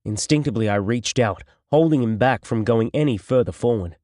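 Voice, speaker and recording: A man narrating an audiobook in the first person, with steady, measured storytelling. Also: mid-range voice, dry recording, clean studio sound.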